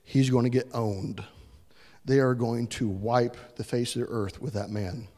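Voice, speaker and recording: Slow, casual man preaching in a hall. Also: mid-range voice, fairly even intonation, warm tone. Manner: casual, folksy retelling. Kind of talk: sermon storytelling. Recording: long hall reverb.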